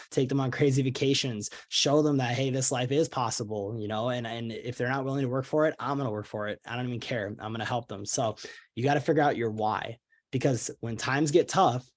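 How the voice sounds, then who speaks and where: A young man leads a sales team call with upbeat, earnest energy. He talks in a casual, pushy way, often restarting his sentences and leaning on fillers like "you know". His voice sits at an ordinary middle pitch for a man. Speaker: network marketing leader. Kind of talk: motivational training call.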